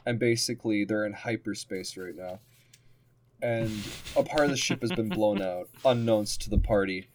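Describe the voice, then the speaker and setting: A young man with a fairly low voice chats casually as a podcast co-host. He tells a tabletop game story and laughs through it, swearing without thinking. A faint hiss sits under the recording. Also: normal speed, darkish tone. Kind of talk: casual chat.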